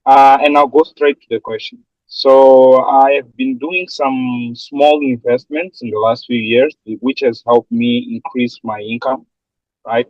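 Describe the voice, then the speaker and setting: A man's voice: mid-range voice, dry recording, dull audio. A man from the audience asking the speaker a question, hesitant, with many fillers and restarts. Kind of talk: question from the floor.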